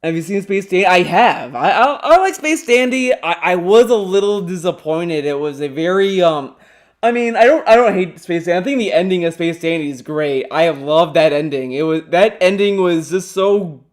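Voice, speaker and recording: A man streaming casual commentary, rambling excitably and swearing often as he talks. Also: high voice, normal speed. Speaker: streamer reacting to a clip.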